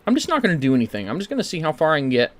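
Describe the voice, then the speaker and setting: Lively wry male game streamer. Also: on the high side, racing, faint music behind. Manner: rambling, wry, sarcastic asides. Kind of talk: casual gameplay commentary.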